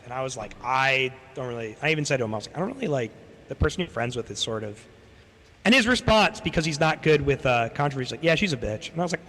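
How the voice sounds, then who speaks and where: A man's voice: mid-range voice, a bit bright. A man streaming and telling a long casual story, swearing freely and acting out the people he quotes. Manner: rambling, swears a lot, acts out quoted people. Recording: long hall reverb.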